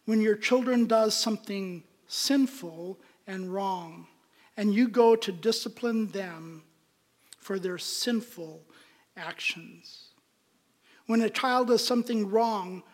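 Male pastor, slow and deliberate sermon delivery, earnest with whispered emphasis, long reverb of a church hall. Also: high-pitched.

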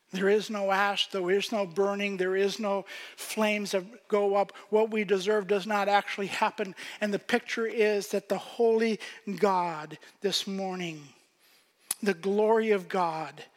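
A man preaching a sermon as pastor, swinging from loud emphasis to hushed whispers. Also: high-pitched, big-room sound.

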